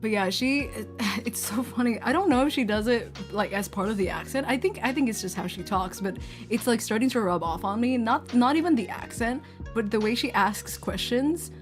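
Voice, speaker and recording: A woman's voice: fairly high pitch, moderate pace, soft background music. A woman hosting a VTuber stream, telling stories animatedly in casual chat, breaking into laughs and voiced quotes.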